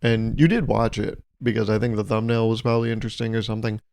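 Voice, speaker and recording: Gravelly young man joking sarcastically. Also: on the low side, fairly even intonation, fast, darkish tone, dry recording, studio quality. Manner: sarcastic, jokey, rambling, laughs at own jokes. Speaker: podcast host. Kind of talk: solo comedic podcast monologue.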